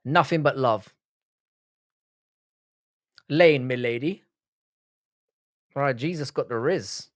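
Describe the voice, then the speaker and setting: A young man chatting loosely with his live-stream viewers, cursing freely and tripping over his restarts. His voice sits at an ordinary middle pitch and sounds close and dry, with no room sound. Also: slow, pauses often, no echo. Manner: swearing, bantering, rambling with restarts. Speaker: livestream host. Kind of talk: casual live-stream chat, reacting to comments.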